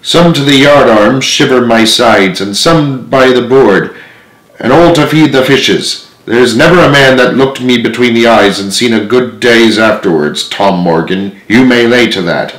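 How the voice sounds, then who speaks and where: A man's voice: mid-range voice, unhurried, a bit bright, roomy sound, natural voice, low-quality recording. A man reading aloud and voicing a cunning, menacing old one-legged pirate cook who swears sea-dog oaths. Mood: roaring threat. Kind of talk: storybook read-aloud acting.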